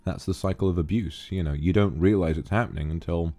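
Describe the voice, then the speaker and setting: A man's voice: deep voice, brisk, dark tone. A man chatting casually on a livestream, reading viewer donations and calling them darling. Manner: affectionate, calls viewers darling.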